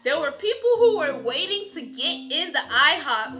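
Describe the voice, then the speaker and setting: Animated young woman with a bright voice. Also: high voice, moderate pace. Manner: animated, slangy, chatty, addresses viewers as y'all. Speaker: vlogger. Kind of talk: casual storytime.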